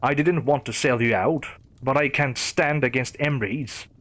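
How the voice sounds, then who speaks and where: A man's voice: mid-range voice, moderate pace, a bit bright, natural voice. A man voicing a wistful, apologetic Irish body dealer with an Irish accent. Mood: pleading.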